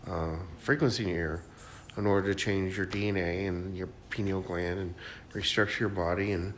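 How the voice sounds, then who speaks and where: A man giving a casual, rambling spiritual talk, sometimes dropping to a hush as he guides listeners. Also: sits low, steady tone, moderate pace. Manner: rambling, restarts, soft guided hushing at times. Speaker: spiritual channel host. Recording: faint background noise.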